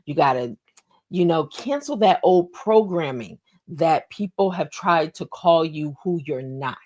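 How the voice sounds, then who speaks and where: A woman's voice: low voice, darkish tone. A woman hosting a motivational talk. She is encouraging, repeats key phrases and asks listeners questions. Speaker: host.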